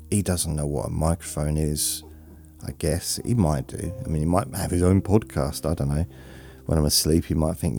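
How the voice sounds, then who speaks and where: A man hosting a sleep podcast, rambling in a drowsy, deadpan way. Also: extremely low pitch, creaky. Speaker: podcast host.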